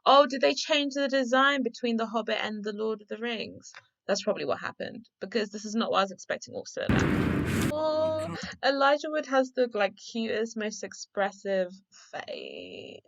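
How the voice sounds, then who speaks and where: Gushing woman with lively pitch reacting to a movie. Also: moderate pace, dry recording, muffled recording. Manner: effusive, gushing, lots of "like" fillers. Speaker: vlogger reacting to a film. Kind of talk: first-time movie reaction commentary. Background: film soundtrack music.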